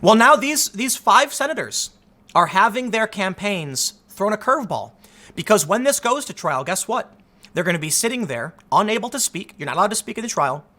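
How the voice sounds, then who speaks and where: A man's voice: high-pitched, sing-song, moderate pace, bright, forceful tone. A man hosting a heated political commentary monologue, emphatic and indignant, often repeating words as he restarts. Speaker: political commentator, show host.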